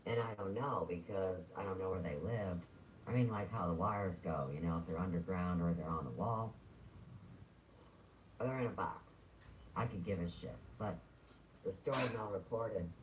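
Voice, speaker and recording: A man's voice: low-pitched, a little hiss or hum, rough recording. A man ranting on a livestream, rambling, sarcastic and full of swearing.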